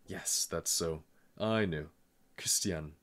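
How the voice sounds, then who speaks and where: A man's voice: sits low, slow, fairly bright tone. A man voicing an irritable old grandmother who scolds and complains. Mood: musing. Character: stern, irritable old grandmother, fussy and proud.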